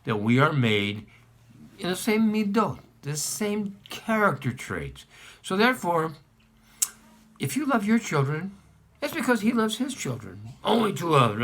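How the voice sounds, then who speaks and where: A man's voice: medium pitch, sharp tone. A man speaking as a rabbi, giving a sermon built around a parable and putting questions to his listeners. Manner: storytelling, asks the listeners questions.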